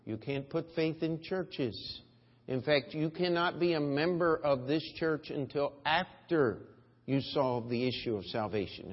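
Husky preaching pastor, man, in a reverberant church. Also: mid-range voice, measured pace. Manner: preaching with swings from quiet to loud emphasis. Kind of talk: sermon. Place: church sanctuary. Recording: dull reverberant church audio.

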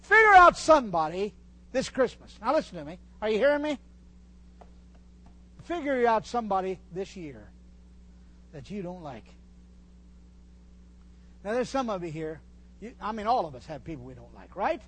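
An older man preaching a folksy sermon in a church, teasing his congregation and pausing to restart his sentences. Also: sits high, sing-song, slightly rough. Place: church hall.

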